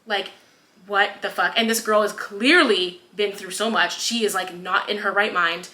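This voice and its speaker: A woman's voice: medium pitch, fairly even intonation, moderate pace, bright, forceful tone. A woman co-hosting a podcast, casually retelling a book's scenes, acting out the lines and swearing freely. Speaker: podcast co-host. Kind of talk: casual book review chat. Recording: echoey room.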